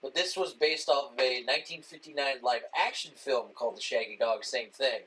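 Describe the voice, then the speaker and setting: A man's voice: mid-range voice, brisk, husky, rough recording. A man co-hosting a casual movie podcast, riffing with profanity and mocking retellings of plots. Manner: animated, swearing, mocking retellings. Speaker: podcast co-host.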